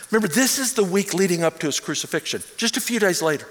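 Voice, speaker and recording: A man, a pastor preaching a sermon in an animated way that rises toward near shouts. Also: sits high, fast, few pauses, long reverb tail.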